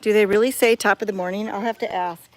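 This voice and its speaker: A woman's voice: medium pitch, steady tone, fast. A woman vlogging on a phone camera outdoors at a cat sanctuary, chatting in a bubbly, enthusiastic way. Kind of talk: casual walking vlog. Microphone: handheld phone camera.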